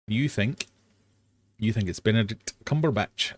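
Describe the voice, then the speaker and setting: Host, male, lowish voice, casual jokey quizmaster, dry close mic. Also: expressive, moderate pace, darkish tone, no echo. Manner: chatty, jokey, self-deprecating. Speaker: host of a fishkeeping live stream quiz. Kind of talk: casual live-stream quiz hosting. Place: home fish room.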